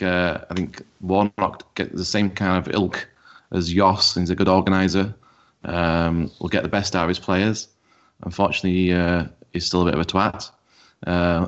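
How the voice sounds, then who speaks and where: A man co-hosting a football podcast, chatting casually and joking. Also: deep voice. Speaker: podcast co-host. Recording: dull lo-fi sound.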